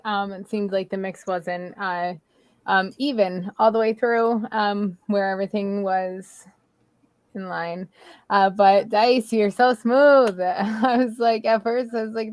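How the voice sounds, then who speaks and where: A woman's voice: mid-range voice, a little slow, darkish tone, dry recording. A woman co-hosting a casual music review stream, giggly and hesitant, with many ums.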